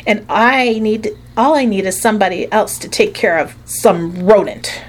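A grumpy, stern teacher, as a woman reader puts her on, muttering complaints in a slow, curt way. Her voice sits at an everyday middle pitch. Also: lightly acted. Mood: grumbling. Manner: grumbling, curt.

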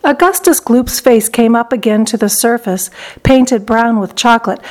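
A woman reading a children's story aloud, with a high voice and lively, expressive narration. She carries the scenes along steadily between the characters' lines. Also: moderate pace.

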